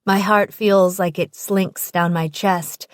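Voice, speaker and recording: A woman's voice: on the low side, steady tone, slow, no room sound, clean studio sound. A woman narrating a first-person audiobook in an intimate, present-tense storytelling manner.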